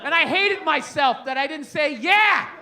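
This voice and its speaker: A man doing profane stand-up storytelling, shouting exasperated punchlines over a laughing live crowd. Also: very high voice, moderate pace, very noisy. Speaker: stand-up comedian. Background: audience laughing.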